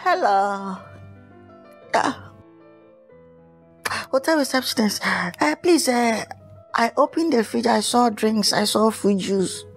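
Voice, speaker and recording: A woman playing a vain, excitable male musician who turns dramatic and whiny, repeating himself. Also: a little high, slow pace, long pauses, faint music behind. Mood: distraught, whiny. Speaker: comedy skit actor. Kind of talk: comedic skit acting.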